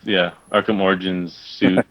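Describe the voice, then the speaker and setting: A man's voice: deep voice, flat delivery, a little slow, fairly bright tone. A man co-hosting a podcast in casual chat, remote on a phone app, speaking in short interjections and brief questions. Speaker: podcast co-host. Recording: dull lo-fi line from a phone app.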